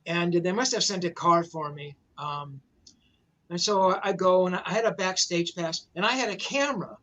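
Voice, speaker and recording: High-voiced older man telling stories. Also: normal speed, a bit bright, highs cut off, a little hiss or hum. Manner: rambling, filler-heavy, says "you know, man" a lot. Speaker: guest, rock journalist. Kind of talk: casual anecdotal storytelling.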